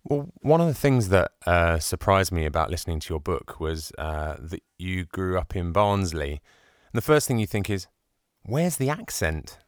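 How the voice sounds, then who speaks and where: Very deep-voiced man interviewing, dry sound. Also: animated, normal speed, smooth, no echo. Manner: curious, laughs along, plain fillers. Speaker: interviewer, host. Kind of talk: interview questions.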